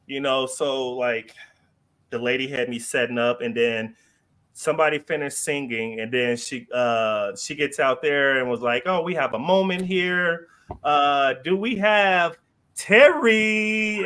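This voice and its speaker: A man with a bright, forward voice spins a personal story as a podcast guest. He talks loosely and casually, full of fillers and quick laughs, at an everyday pitch. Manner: loose and slangy, heavy on fillers, laughs while telling.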